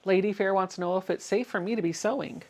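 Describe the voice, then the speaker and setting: A woman's voice: medium pitch, quick pace, a little mellow. A woman hosting a casual sewing livestream, chatty and laughing often as she explains each step while she works. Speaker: quilting channel host.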